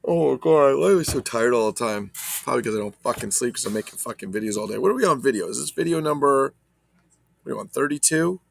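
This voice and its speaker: In a casual unboxing chat, a man goes on about his toys, swearing and wandering off topic as he addresses viewers. He speaks fast in a mid-range, gravelly voice with a breathy edge, recorded without echo.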